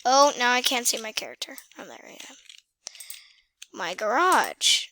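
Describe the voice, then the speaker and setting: A woman's voice: a little high, big pitch swings, quick pace, fairly bright tone, no echo, clean studio sound. A woman casually talking through a driving game, muttering, whispering and exclaiming to herself. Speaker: gamer playing a driving game. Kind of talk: casual gameplay commentary.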